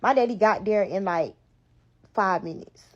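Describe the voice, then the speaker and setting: Twenties woman, South Florida accent, animated profane storyteller, mid-pitched, lo-fi muffled audio. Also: a little slow. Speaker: guest. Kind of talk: casual storytelling.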